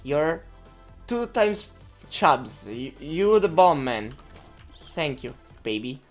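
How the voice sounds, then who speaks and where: A young woman narrating a game run in an unhurried, low-pitched voice that leaps wildly up and down as she keeps breaking into giggles and cursing. Soft game music plays underneath. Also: big pitch swings. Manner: giggly, swears often, bursts into laughter. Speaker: gameplay commentator. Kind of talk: let's play commentary.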